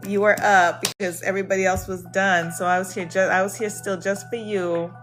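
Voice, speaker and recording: A woman's voice: medium pitch, level tone, brisk, fairly bright tone, faint music behind. A woman hosting a late-night livestream of donation-based card readings, chatting casually and greeting viewers by name in a bubbly, slangy way.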